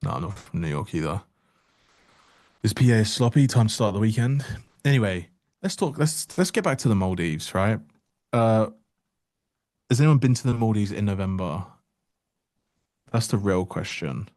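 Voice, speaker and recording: A man's voice: fairly low pitch, animated, moderate pace, long pauses, a little mellow, no room sound. A man giving casual live-stream trading commentary, joking wryly and answering chat aloud into a close mic.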